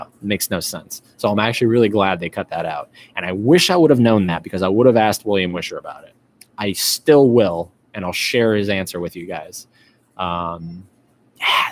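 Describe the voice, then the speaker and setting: A man's voice: on the low side, a little hiss or hum. A man hosting a live-stream podcast, chatting casually and reading out viewer comments, with lots of fillers and restarts. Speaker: podcast host.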